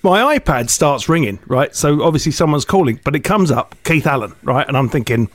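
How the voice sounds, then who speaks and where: A man's voice: a little high, brisk, no echo. A man, a comedian hosting a podcast, telling stories with energy and tagging his lines with "right?". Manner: energetic, keeps saying "right?". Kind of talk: casual storytelling chat.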